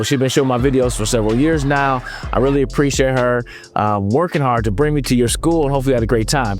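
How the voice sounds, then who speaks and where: A man from California, a motivational speaker telling a story to students in a casual, playful way, sometimes slipping into a sing-song delivery. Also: medium pitch.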